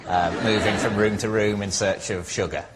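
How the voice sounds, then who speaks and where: A man's voice: fairly low pitch, fairly even intonation, moderate pace, very noisy. Sardonic male team captain. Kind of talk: comic panel show banter. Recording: loud studio audience ambience.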